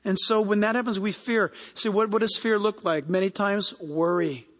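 A man preaching a sermon as pastor, animated and acting out the people he quotes. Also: sits high, normal speed. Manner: animated, acts out quoted people in raised voices. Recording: long hall reverb.

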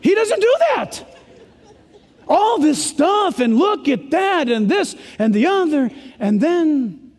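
A man preaching a sermon, emphatic and exclamatory, swinging from loud to hushed. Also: extremely high pitch, big pitch swings, slow, big-room sound, some chatter behind.

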